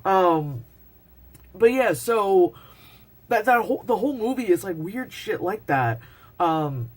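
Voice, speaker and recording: A woman records a casual movie review on her phone, rambling through fillers and tossing in swear words. She gets excitable and acts out scenes in little voices as she talks. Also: medium pitch, slow pace.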